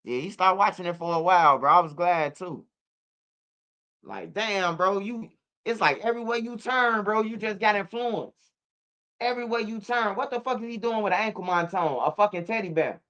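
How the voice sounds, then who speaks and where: Bright, smooth-voiced man telling stories. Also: high-pitched, moderate pace. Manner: animated storytelling, street slang and profanity, frequent restarts. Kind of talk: casual interview chat.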